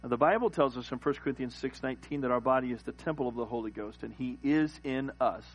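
A middle-aged man preaching a sermon, building to loud emphatic peaks. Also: medium pitch, fast talker, faint music behind, rough recording. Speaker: pastor.

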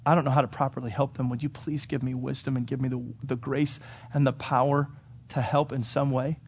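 A man preaching a sermon voices an overwhelmed male apostle praying for help, hushed and pleading. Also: medium pitch, little pitch movement, brisk, husky.

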